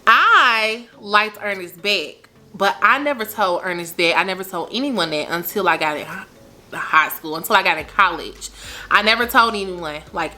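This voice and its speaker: A young woman with a bright, forward voice tells a story to her camera in loose, chatty vlog talk. Her voice leaps upward whenever she stresses a point, then settles back into easy conversation. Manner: animated, chatty, swoops up in pitch for emphasis. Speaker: vlogger. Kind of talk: casual storytime chat.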